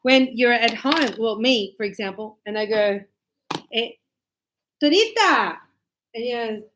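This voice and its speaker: A middle-aged woman teaching an English class, lively and chatty, acting out short example dialogues for her students. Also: a little high, measured pace, long pauses, low-quality recording. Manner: animated, acts out little example dialogues.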